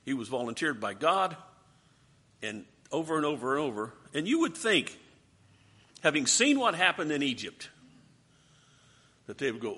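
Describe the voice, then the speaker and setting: A man preaching a sermon, asking rhetorical questions with dramatic swings from soft to loud. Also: a little high, very animated, normal speed, long pauses, husky.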